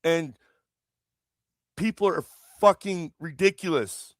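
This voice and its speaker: A man's voice: fairly high pitch, slow, no echo, clean studio sound. A man hosting a live stream, delivering an angry, heavily profane political rant into a streaming mic. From Canada. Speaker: livestream host.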